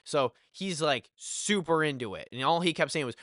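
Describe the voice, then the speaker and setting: Young guy ranting a storytime, cusses a lot, bright forceful voice, kinda high, dry sound. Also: normal speed, no room sound. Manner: animated, profane storytelling with filler phrases. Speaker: vlogger telling a story. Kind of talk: casual storytime.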